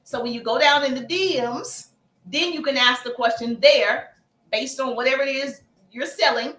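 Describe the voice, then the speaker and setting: A woman hosts a casual live stream with sales tips, her voice high and bright. She chats with viewers, calls them baby and acts out sample messages. The room gives back a noticeable echo. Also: moderate pace. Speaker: livestream host and sales coach. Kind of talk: casual livestream coaching.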